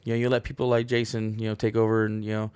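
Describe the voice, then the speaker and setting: A man's voice: lowish voice, completely flat delivery, fast talker, a little mellow, clean tone, no echo. A man hosting a casual show, telling rambling profane stories full of fillers and restarts. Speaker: podcast host. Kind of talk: casual storytelling monologue.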